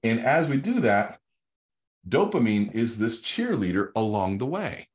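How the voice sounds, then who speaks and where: A man's voice: mid-range voice, big pitch swings, measured pace, husky. A middle-aged man, a guest sales coach, explaining research with emphatic storytelling and quoted dialogue. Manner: teaching while drawing on a whiteboard. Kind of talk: energetic explanatory talk.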